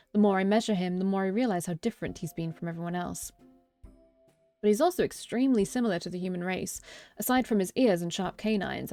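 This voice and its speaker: A woman's voice: mid-range voice, a little mellow. A young woman reading a visual novel aloud as its narrator, often breaking off into joking, cursing asides and self-corrections. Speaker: let's play streamer.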